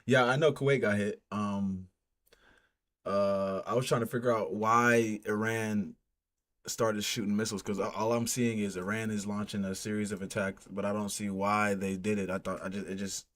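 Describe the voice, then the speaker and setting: Low-voiced man reacting bluntly to news. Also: fairly even intonation, normal speed, a bit bright. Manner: blunt, profane, exasperated commentary with mocking impressions. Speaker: podcast host reacting to news clips. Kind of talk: casual chat.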